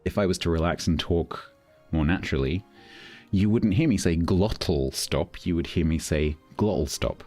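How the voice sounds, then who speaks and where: A man's voice: sits low, fairly quick, warm tone. A middle-aged man from London with a London accent, chatting casually with his stream chat, explaining things with many restarts. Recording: faint background music.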